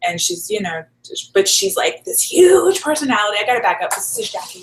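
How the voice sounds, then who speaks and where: A woman's voice: high voice, animated, fairly quick, vocal fry, low-quality recording. A woman telling stories in a casual interview, chatty and full of "like" fillers. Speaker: guest. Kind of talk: casual storytelling chat.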